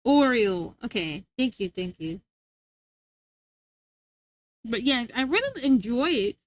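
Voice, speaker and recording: Woman streamer, high voice, playful rambling chat, stumbling restarts, dry close sound. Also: very animated, takes it slowly, no echo. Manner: rambling and playful, trips over words and restarts; high sing-song voice when scolding her dog. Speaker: livestreamer chatting with viewers.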